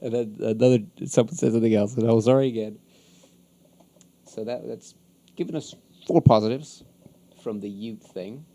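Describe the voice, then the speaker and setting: Gravelly mellow man recapping casually. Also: mid-range voice, normal speed. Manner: rambling, many ums, chuckles often. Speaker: podcast host.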